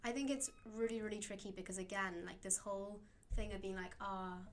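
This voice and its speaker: A woman's voice: medium pitch, steady tone, brisk, slight background noise. A young woman of the Indian diaspora, a guest talking in a chatty way with many fillers. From British Indian diaspora. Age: young adult. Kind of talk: conversational interview.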